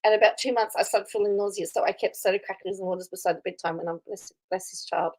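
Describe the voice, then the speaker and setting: A woman's voice: mid-range voice, fairly even intonation, fast talker, darkish tone, poor audio. A woman hosting casual live commentary on a video, chatty, reading viewer comments aloud and laughing often. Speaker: commentary host reacting to a video.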